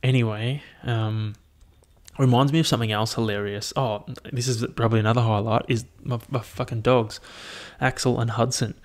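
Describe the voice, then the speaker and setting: A man's voice: mid-range voice, steady tone, moderate pace. A man hosting a casual solo podcast, rambling and swearing freely. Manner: rambling, heavy swearing, amused. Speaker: podcast host. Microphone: headphones and podcast mic.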